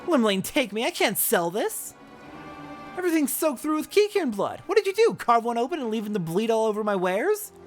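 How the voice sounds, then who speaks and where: A man's voice: very high-pitched, very animated, moderate pace, faint music behind, voice pushed up. A man voicing a pompous, greedy male merchant who whines about his losses. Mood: indignant. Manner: pompous, whiny.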